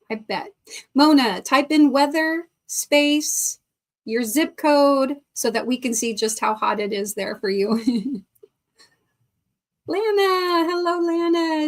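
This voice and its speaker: A middle-aged woman hosting a live stream, chatting casually, reading viewer comments aloud and laughing often. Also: on the high side. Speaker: livestream host.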